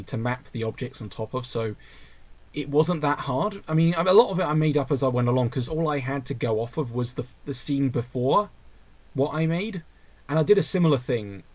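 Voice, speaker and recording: A man's voice: a little high, no echo. Rambling young man hosting a casual call-in chat. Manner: rambling, restarts often. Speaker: podcast host reading listener questions.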